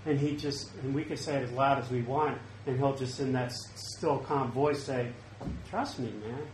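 A man's voice: medium pitch, flat delivery, normal speed, slight background noise. A man preaching an earnest, conversational sermon at a church service. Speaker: pastor. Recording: roomy, faint ambience.

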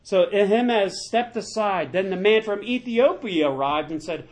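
A man preaching a sermon and reading scripture aloud. He often repeats words as he searches for them and breaks into lively acted-out asides. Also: high voice, normal speed, few pauses. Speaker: pastor.

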